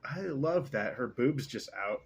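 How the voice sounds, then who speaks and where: A man's voice: mid-range voice, animated, a little slow, vocal fry, husky. A man casually reading a novel aloud, adding comments, tripping over words and cursing at himself. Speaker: reader.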